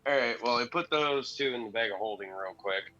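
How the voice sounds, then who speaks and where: Man, tabletop player, bright forceful tone, casual with fillers, muffled call audio. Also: medium pitch, a little fast.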